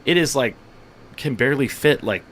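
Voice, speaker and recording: A man's voice: mid-range voice, lively intonation, normal speed, fairly bright tone. A man hosting a casual chat, telling stories in a rambling way with many restarts and swearing. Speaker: podcast host. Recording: faint background noise.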